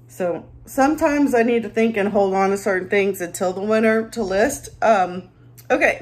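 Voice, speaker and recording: A woman who resells items part-time, chatting casually and upbeat to her viewers as she shows what she sold, with a self-deprecating streak. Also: medium pitch.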